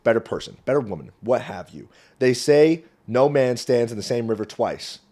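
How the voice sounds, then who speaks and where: Rambling young man, swearing and loud. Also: very animated, normal speed. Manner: rambling, swearing, swings from low mutters to loud outbursts. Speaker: vlogger. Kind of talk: casual rambling monologue. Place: small home room.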